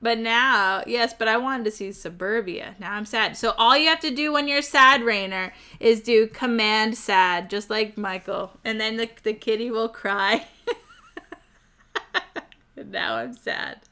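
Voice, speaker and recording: This livestream host has a clean, pushed, bright voice on the high side and speaks at a measured pace. She chats easily with her audience, laughing a lot and fumbling words now and then.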